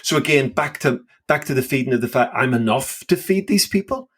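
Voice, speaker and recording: A man co-hosting a podcast, talking about scripture with energy and conviction. He is animated and emphatic, stressing key words and sometimes slipping into the voices of the people in the story. His voice sits in a mid range. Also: medium pitch, fairly quick, slightly rough. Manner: animated, emphatic, acts out quoted lines. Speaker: podcast co-host. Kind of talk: casual theological discussion.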